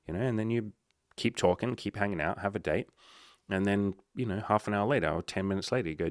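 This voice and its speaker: A man's voice: low voice, brisk, no echo, studio quality. A man giving blunt, profane dating advice as a coach, often acting out little dialogues. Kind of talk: casual advice monologue.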